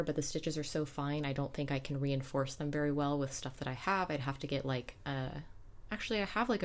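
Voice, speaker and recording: A young woman with a notably low, deep-set voice talks through her knitting in a relaxed, chatty way. She digresses often and corrects herself mid-sentence, like a host chatting with her regular listeners. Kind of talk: casual chat.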